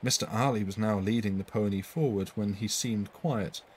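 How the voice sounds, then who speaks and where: A man with a low, unhurried voice reads a spooky tale aloud for a live stream audience. He restarts a phrase now and then to fix a slip. A faint hum of ambience sits behind him. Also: rough recording. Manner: reads quoted speech in a raised voice, corrects his own slips. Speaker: narrator reading a story aloud. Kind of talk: live-streamed story reading.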